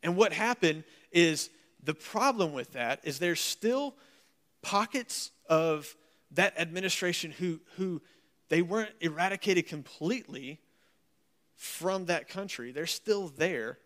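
Male pastor, sermon, folksy and animated, slightly higher voice. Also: unhurried. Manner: folksy, animated and joking, reading scripture aloud. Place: church service.

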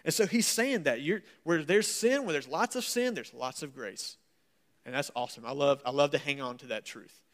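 Folksy, animated male pastor preaching. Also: fairly high pitch, normal speed. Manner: folksy, animated and joking, reading scripture aloud. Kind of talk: sermon. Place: church service.

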